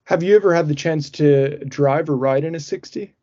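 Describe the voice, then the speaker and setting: A man's voice: a little high, normal speed, warm tone. Rambling man co-hosting a podcast. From northeastern US. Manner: rambling, frequent fillers and restarts. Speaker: podcast co-host. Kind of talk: casual chat. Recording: muffled lo-fi audio.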